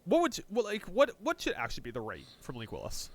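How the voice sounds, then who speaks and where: High-pitched and fast, a male podcast co-host comes through with no room sound. He leads segments of a casual sports show, excitably joking, swearing, and dropping puns along the way.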